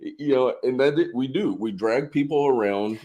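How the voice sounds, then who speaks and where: A man's voice: mid-range voice, normal speed, dark tone, highs cut off. A man co-hosting a casual podcast, chatty and agreeable, often repeating himself. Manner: chatty, frequent yeahs and repeats. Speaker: podcast co-host.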